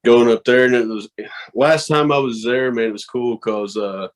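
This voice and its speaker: Speaking at a normal pace in a mid-range voice, this Southern American man tells stories as a guest on a podcast. The chat is loose and full of profanity, and he brings quoted people to life by doing their voices.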